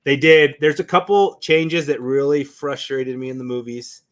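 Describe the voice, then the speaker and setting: A man on a talk show as a guest, telling stories with excitement and emotion, often restarting his sentences. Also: medium pitch, normal speed. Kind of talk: casual chat.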